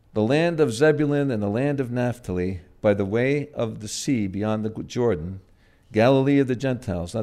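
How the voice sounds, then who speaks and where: A man preaching a sermon in a gentle, halting way, pausing often and swelling loud on key words before dropping soft again. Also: mid-range voice. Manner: gentle, halting, with frequent "uh" and restarts.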